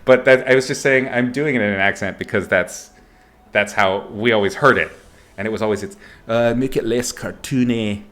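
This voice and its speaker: A man teaches art on a livestream in a casual, playful way, joking and swearing as he rambles with fillers and restarts. His voice is fairly low-pitched and sharp in tone, and he talks a little fast.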